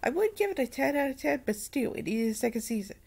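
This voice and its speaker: A woman giving a casual anime review, rambling and repeating herself in an animated way. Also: sits high, quick pace, vocal fry, slightly rough.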